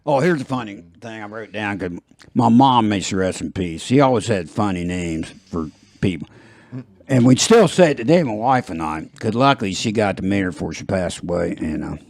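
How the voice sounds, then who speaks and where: A man's voice: fairly low pitch, expressive, normal speed, creaky, darkish tone, no room sound, clean studio sound. A man, hosting a podcast in a loose, rambling, jokey way and laughing at his own jokes. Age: 50s. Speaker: podcast host. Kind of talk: casual chat.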